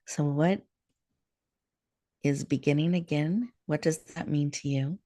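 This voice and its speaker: A woman hosting a show, leading listeners through a guided breathing meditation in a soft, soothing way over a video call. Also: low-pitched, no room sound, clean studio sound. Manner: soft, slow, soothing guidance. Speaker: host.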